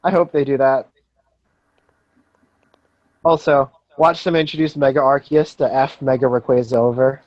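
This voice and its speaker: A man's voice: medium pitch, steady tone, normal speed, pauses often, a little mellow, no room sound, highs cut off. Joking young man on a dry call. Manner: joking, sarcastic and rambling. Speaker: podcast host. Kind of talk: casual group chat over a voice call.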